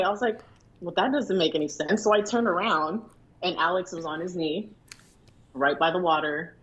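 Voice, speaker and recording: A woman's voice: fairly low pitch, moderate pace, a bit bright, muffled recording. A young woman, a bride, telling her story as a guest in a casual chat, acting out the quotes and laughing often. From Filipino family in America.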